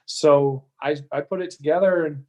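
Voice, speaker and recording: A man's voice: fairly high pitch, steady tone, normal speed, a little mellow. Rambling man telling a road story. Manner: rambling, frequent restarts and repeated words. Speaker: interview guest. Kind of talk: casual storytelling interview.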